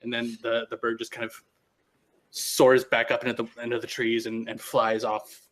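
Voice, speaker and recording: A man's voice: mid-range voice, monotone, moderate pace. A man narrating a tabletop role-playing game as game master, in a loose, casual way with frequent restarts.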